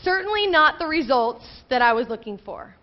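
A woman in her thirties preaches from a church stage, her voice a little higher than most. She tells a personal story in a chatty, conversational way, then rises into urgent questions. The sound is slightly dull and muffled. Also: very animated, normal speed. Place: church sanctuary.

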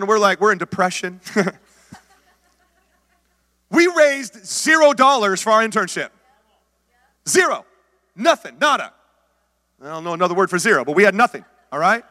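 A middle-aged man preaching a sermon, telling his own story with lively acted-out lines and calling out to the congregation. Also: sits high, moderate pace, long pauses. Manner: animated storytelling, acts out his own past words; calls out to the congregation. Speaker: pastor. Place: church sanctuary. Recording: long hall reverb.

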